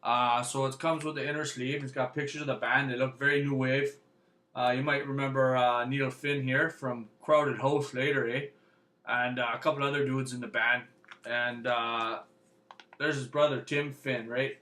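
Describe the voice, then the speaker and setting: A man's voice: mid-range voice, level tone, normal speed, bright, forceful tone. A man casually reviewing a vinyl record, rambling and joking, tagging his lines with "eh". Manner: rambling, jokey, tags lines with "eh".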